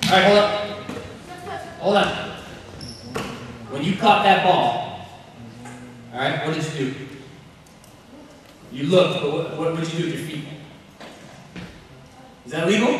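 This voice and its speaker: A basketball coach with a high voice runs a clinic, calling out quick repeated cues and joking with his players. He is picked up from far away in a big, booming gym with a long reverb tail. Faint room noise sits underneath. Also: a bit bright. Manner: calls out drill cues in quick repeated bursts; joking, encouraging. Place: large gym.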